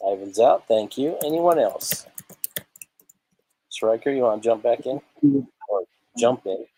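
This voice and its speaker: A man working as auctioneer on a live online sale, calling bids in a rapid, steady patter with joking asides. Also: mid-range voice, breathy edge, dry recording, rough recording.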